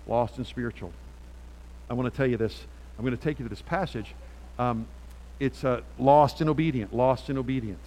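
A middle-aged male pastor preaching a sermon on a handheld mic, animated and emphatic, swinging from quiet asides to loud peaks. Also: mid-range voice, moderate pace, in a large hall.

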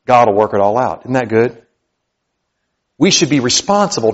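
A male pastor preaching a sermon, swinging from loud, high exclamations to low, quiet emphasis. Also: big pitch swings, normal speed, long pauses. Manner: preaching with big swings in pitch and loudness, rising to near shouts then dropping low. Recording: dull sound with long hall reverb.

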